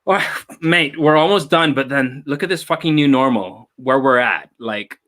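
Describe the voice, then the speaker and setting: A man from the Philippines hosting a casual chat, animated and laughing often. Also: mid-range voice, moderate pace. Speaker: host.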